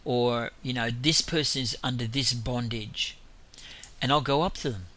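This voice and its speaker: A man's voice: mid-range voice, measured pace, a bit bright. A man preaching in an informal testimony style, telling rambling stories with frequent chuckles.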